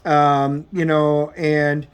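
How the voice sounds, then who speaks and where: A man giving a casual comic book review as he flips through the pages, rambling and halting with plenty of filler words. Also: on the high side, little pitch movement, clean tone. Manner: rambling, halting, full of um and you know.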